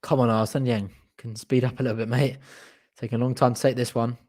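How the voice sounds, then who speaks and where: Fast-talking and medium-pitched, a young man narrates a live match as an excitable, biased fan. He shouts encouragement to his team and groans when they squander chances.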